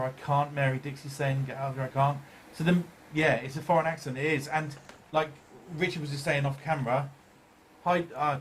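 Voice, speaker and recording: An easygoing man hosts a live paranormal talk show, reading viewers' comments aloud in a loose, conversational way. He repeats himself often and laughs readily, with a quiet hum of room sound behind him. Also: mid-range voice. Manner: chatty, repeats phrases, quick to laugh.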